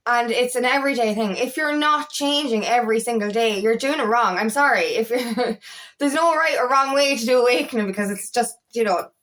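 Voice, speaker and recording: An Irish woman with a Kerry lilt delivers a casual spiritual pep talk in a slightly high voice. She gets fired up, swears freely, and keeps apologizing for it. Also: a bit bright. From Ireland. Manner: passionate, swears often, apologizes and laughs. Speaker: feminine empowerment coach. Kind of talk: casual spiritual vlog monologue.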